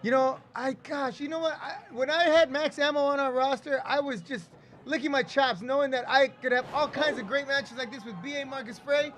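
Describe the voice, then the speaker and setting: High-voiced rambling wrestling commentator man. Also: steady tone, brisk, fairly bright tone, a little hiss or hum. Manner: rambling, filler-heavy, jokey. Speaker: host and commentator. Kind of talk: casual wrestling commentary over old footage.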